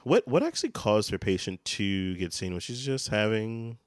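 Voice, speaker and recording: A man co-hosting a podcast casually recaps a TV episode in a lowish, sing-song voice at a moderate pace. His tone is clean, and the studio recording is dry with no room sound. He hesitates a lot, trailing off, using fillers and restarting sentences.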